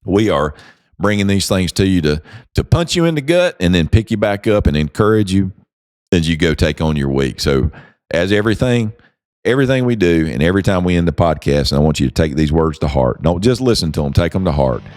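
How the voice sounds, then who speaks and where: A man's voice: low voice, expressive, a little fast, darkish tone, no room sound, clean studio sound. A man hosting a motivational podcast, talking with emphatic, preacher-like delivery. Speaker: podcast host.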